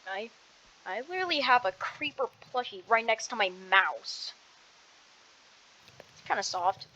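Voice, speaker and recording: A woman's voice: on the high side, expressive, measured pace, bright, forceful tone, highs cut off. A woman chatting casually to herself while playing a game at her computer, rambling and breaking off mid-sentence, speaking into a cheap headset mic held away from her mouth. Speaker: gaming streamer. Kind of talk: casual gameplay commentary. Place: at a computer desk at home.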